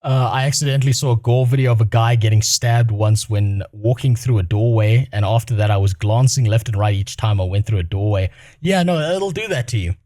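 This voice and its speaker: A man's voice: lowish voice, brisk, hardly any pauses, mellow, dry recording, clean studio sound. A man streaming his reaction to a clip, in casual, crude, rambling talk that keeps breaking into laughter.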